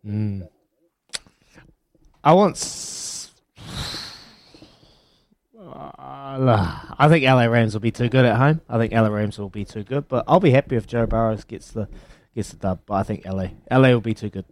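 A man's voice: on the low side, fast talker, hardly any pauses. A man co-hosting a casual sports radio show, jokey and laughing a lot. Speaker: radio co-host.

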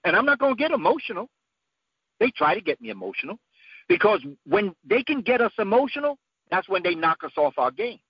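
A man giving an emphatic, preacherly talk whose voice climbs to high peaks. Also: sing-song, a little fast, slightly rough, dry recording. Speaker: guest speaker. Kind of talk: impassioned lecture-style talk. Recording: dull lo-fi dry sound.

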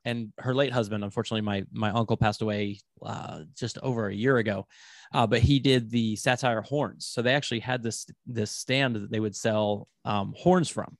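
A man's voice: fairly low pitch, fairly even intonation, normal speed, no echo. A man hosting a casual interview podcast who talks in a loose, rambling way and laughs easily. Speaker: podcast host.

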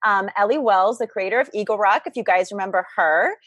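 A woman's voice: mid-range voice, a little fast, a bit bright, no echo. A woman co-hosting a podcast over a video call, upbeat and chatty, introducing guests. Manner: upbeat, chatty, leans on fillers. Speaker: co-host. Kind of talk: casual podcast chat.

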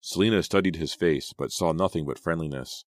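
A man reading a teen horror audiobook in an even, measured narration. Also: rumbling low, no room sound. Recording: dry close studio sound.

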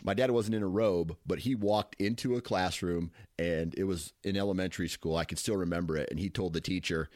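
A man's voice: sits low, fairly even intonation, a little fast, hardly any pauses, darkish tone, no room sound, studio quality. A man hosting a casual chat, telling stories in a rambling way with frequent laughs. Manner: laughs often, storytelling with restarts. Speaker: podcast host.

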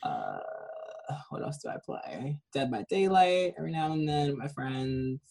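A man's voice: on the high side, huge pitch swings, moderate pace, vocal fry, darkish tone. A man appearing as a wrestler guest, chatting casually and giggly, often poking fun at himself. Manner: giggly, self-deprecating, chatty. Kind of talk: casual interview over a call.

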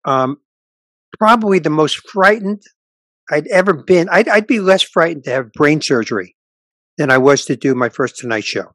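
Sixties male comic, lively storyteller who plays every part, slightly high voice, dry close mic. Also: moderate pace, no echo. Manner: animated storyteller acting out dialogue. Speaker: stand-up comedian guest. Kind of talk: casual storytelling chat.

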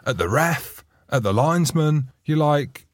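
A man co-hosting a sports chat podcast, a lively storyteller who keeps breaking into mimicry. His voice rises and falls a lot. The sound is dry and close. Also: fairly high pitch, measured pace, dry recording. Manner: animated storyteller, mimics shouting coaches. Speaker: podcast co-host, former player. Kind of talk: casual banter.

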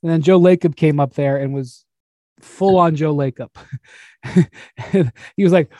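A man hosting a casual sports podcast, telling stories with laughter and acting out the quotes he retells. His voice sits somewhat high for a man. The recording is close and dry. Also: moderate pace, dry recording. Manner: animated storyteller who laughs and acts out quotes. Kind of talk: casual basketball chat.

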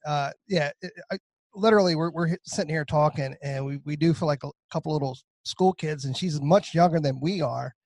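An American man co-hosting a podcast, halting with many restarts. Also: a little high, a little mellow, dry recording. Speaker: podcast co-host. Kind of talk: casual podcast chat. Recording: dry close sound.

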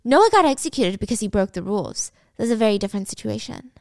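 A woman voicing a calm, fearless teenage schoolgirl who speaks flatly and coolly. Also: medium pitch, quick pace, no room sound, studio quality, natural voice. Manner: flat, calm, unafraid. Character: cold, fearless teen schoolgirl.

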